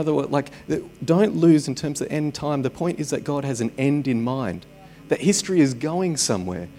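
A man's voice: mid-range voice, a little mellow. A man preaching a sermon at a church service, conversational and dropping joking asides. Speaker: pastor.

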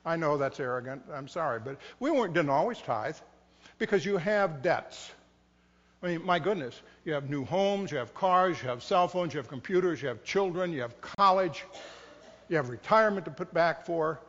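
A middle-aged pastor preaches in a relaxed, self-mocking way, slipping into the voices of people in his pews. His voice sits somewhat high for a man. The sound is dull and muffled, with a long reverb trailing off the walls of the church. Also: moderate pace. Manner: conversational, self-mocking humor, acts out inner voices of congregants. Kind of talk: sermon. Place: church sanctuary.

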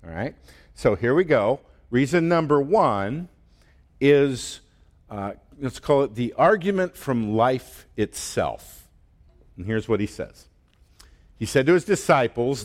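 A man's voice: mid-range voice, very animated, unhurried. A middle-aged man giving a conversational sermon as pastor, with fillers and restarts. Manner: conversational, laughs often, many fillers and restarts.

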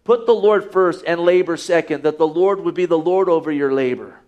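High-voiced man preaching a sermon. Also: moderate pace, darkish tone, highs cut off. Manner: preaching with rhetorical questions, reading scripture aloud. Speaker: pastor.

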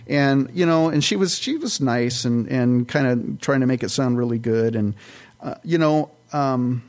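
A man delivers a conversational sermon in a mid-pitched voice. He tells homely anecdotes in a rambling, folksy way, often stopping and restarting his sentences. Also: unhurried. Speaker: pastor.

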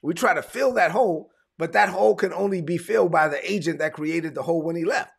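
Brief: male preacher, fairly high voice, gravelly and husky, chatty and emphatic. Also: fast. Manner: conversational, emphatic preaching with repetitions. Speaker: pastor. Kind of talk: sermon.

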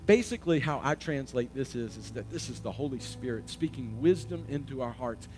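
A man preaching a sermon, asking the congregation questions and swelling to loud emphatic peaks. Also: mid-range voice, lively intonation, fairly quick, noisy background. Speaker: pastor.

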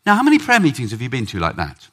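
Animated preacher, bright voice. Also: male voice, very fast. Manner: animated, acting out prayers with big swings in pitch and loudness. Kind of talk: sermon. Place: church.

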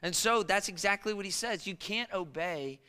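A man preaching in a church, his voice resonant and sharp-edged with a slightly raised pitch. He delivers the sermon in a loose, storytelling way with humorous asides. A long reverb trails behind him, as in a big hall. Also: normal speed, clean tone. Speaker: pastor.

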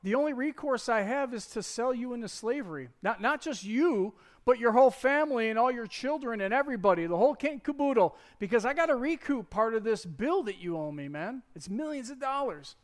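A man's voice: extremely high pitch, animated, brisk, hardly any pauses. A man doing an offhand, blunt king. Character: wealthy male king, blunt and casual.

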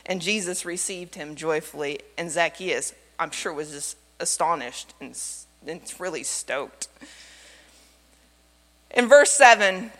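A woman pastor delivers an expressive sermon, throwing out rhetorical questions to her church. Her voice is bright and forceful. It rings with the long reverb of a church hall. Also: on the low side, measured pace. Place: church sanctuary.

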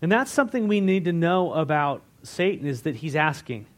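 A man with a fairly high voice preaches a sermon. He is chatty and animated, often asks the congregation questions, and retells scripture in plain, everyday words. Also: a little fast. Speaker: pastor.

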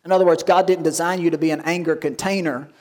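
A man pastor giving a lively sermon, acting out quoted voices and asking the congregation questions. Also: on the high side, fast. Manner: animated preaching, acts out quoted voices.

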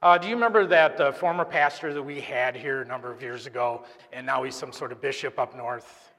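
A man, apparently a deacon, giving a conversational sermon during Mass, halting and joking with the congregation. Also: medium pitch, a bit bright. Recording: long church reverb.

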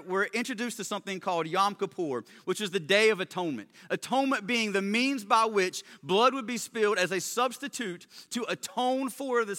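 Man preaching, fairly high voice, bright tone, loud emphasis then quiet asides, long hall reverb. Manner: swings between loud emphatic stresses and quiet low asides, with joking remarks. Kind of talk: sermon.

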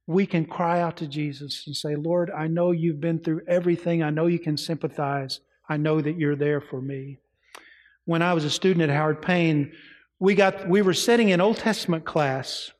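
Male pastor, slightly higher voice, sermon delivery with questions and hushed moments, reverberant hall. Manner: asks the congregation questions, drops to soft quiet tones.

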